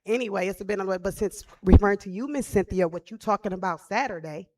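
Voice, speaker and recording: A woman's voice: mid-range voice, fast, darkish tone, slight background noise. A woman parent giving a heated, emphatic public comment at a school board meeting.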